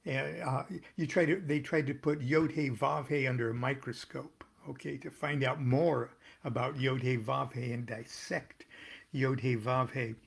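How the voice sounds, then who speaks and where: Gravelly older man reading a booklet. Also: medium pitch, fairly even intonation. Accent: American. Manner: unhurried, stops to explain and joke. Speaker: author reading his tarot booklet. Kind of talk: casual reading with asides.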